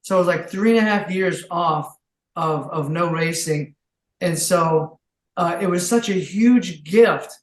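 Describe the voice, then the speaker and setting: A man telling his comeback story as a podcast guest, earnest and full of faith, with bursts of excitement. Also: high voice, unhurried. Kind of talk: casual interview chat. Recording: roomy echo.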